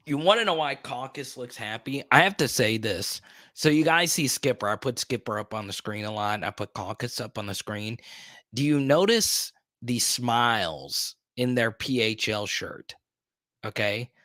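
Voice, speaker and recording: In a clean studio recording with no room sound, a man with a mid-range, bright, forceful voice talks at normal speed with lively intonation. He's hosting a live stream in casual chat, playful and teasing, jokingly repeating "huh?".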